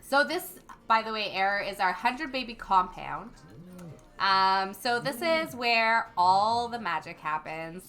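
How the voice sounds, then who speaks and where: A woman's voice: mid-range voice, animated, slow, sharp tone. A young woman hosting a casual gaming livestream, chatting and reading viewer comments aloud with lots of ums. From Canada. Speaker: livestream host.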